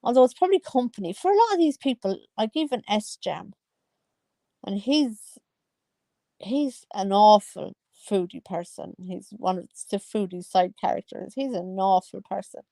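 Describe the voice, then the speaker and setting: A woman in her thirties chats through her opinions, breaking into exclamations and laughs. Her voice has a gravelly edge. The sound is dry and close. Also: mid-range voice, expressive, normal speed, dark tone, no echo. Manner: gossipy, exclaims and laughs often. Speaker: commentary vlogger. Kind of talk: casual chat.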